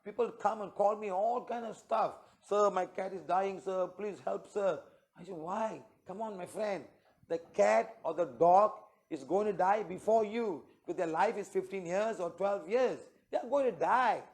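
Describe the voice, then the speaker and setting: A man with a fairly high voice teaches a healing workshop to an audience. He lectures in short spoken phrases and keeps checking in with "okay?" and "huh?". He retells his clients' words as quick quoted exchanges. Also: a little mellow.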